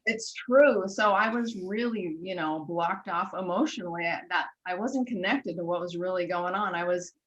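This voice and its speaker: Woman host, lively storyteller who acts out conversations, slightly muffled recording. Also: on the low side, normal speed, few pauses. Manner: enthusiastic storyteller, acts out dialogue. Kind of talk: conversational interview.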